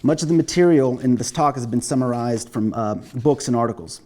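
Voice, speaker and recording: Male lecturer, mellow timbre, measured delivery, lots of "uh"s. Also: mid-range voice. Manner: measured, self-deprecating, frequent "uh" fillers. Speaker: lecturer, pathologist. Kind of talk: academic lecture.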